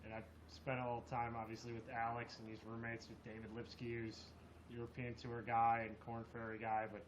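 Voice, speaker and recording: A man's voice: medium pitch, monotone, a little fast, a little hiss or hum, low-quality recording. A man co-hosting a golf podcast, asking his guest curious questions in a casual chat.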